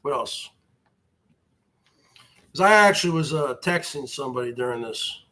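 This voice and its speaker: A man's voice: mid-range voice, animated, moderate pace, pushed and bright. A man hosting a basement livestream, rambling and complaining with profanity and frequent restarts. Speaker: livestream host. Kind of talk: casual rambling livestream monologue.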